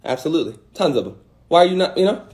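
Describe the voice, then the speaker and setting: A man holds a casual livestream monologue into his phone. His pitch swings a lot and sits a little high for a man. He keeps firing rhetorical questions and swears bluntly to drive each point home. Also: sing-song, racing, darkish tone. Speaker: host of an Instagram live. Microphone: phone mic.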